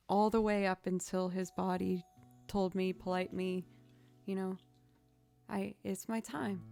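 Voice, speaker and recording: A woman hosting a casual livestream chat, answering viewer questions as a chatty, expressive storyteller. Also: medium pitch, gravelly. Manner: chatty, expressive storyteller who acts out quoted reactions.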